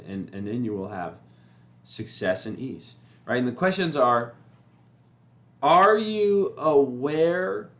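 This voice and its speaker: A man talking in a casual, rambling way about staying calm, repeating himself and getting animated when he describes panicking. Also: deep voice. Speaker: motivational speaker. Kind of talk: casual spoken reflection.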